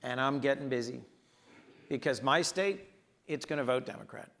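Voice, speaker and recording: A man's voice: medium pitch, moderate pace, gravelly, background noise. A man in his sixties, a senator speaking as the guest in an onstage conversation, telling earnest stories with emphatic delivery.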